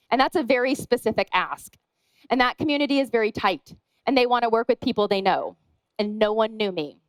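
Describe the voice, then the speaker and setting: Quick, high-voiced woman giving a talk. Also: no room sound, rough recording. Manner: chatty and self-deprecating, acts out dialogue. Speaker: wedding photographer giving a talk. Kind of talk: lively conference talk.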